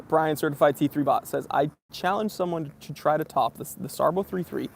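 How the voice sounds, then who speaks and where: A man's voice: medium pitch, vocal fry. A young American man hosting a watch channel livestream, casually chatting and answering viewer comments in a laid-back, bro-ish way. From United States.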